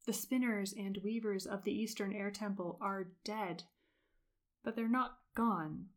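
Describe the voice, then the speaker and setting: A woman doing a gentle young male monk who talks in slow, thoughtful phrases. His voice sits a touch higher than a plain reading voice and carries a quiet wisdom. It sounds like a storybook reading. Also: steady tone, natural voice. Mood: reflective. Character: gentle earnest young male monk, wise beyond years.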